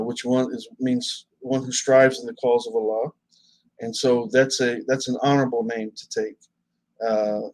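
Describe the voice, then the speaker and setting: Male preacher, mid-range voice, measured and earnest, dry close recording. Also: medium pitch, a little mellow, dry recording, poor audio. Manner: measured, earnest, with many restarts. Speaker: Muslim preacher. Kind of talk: casual conversation.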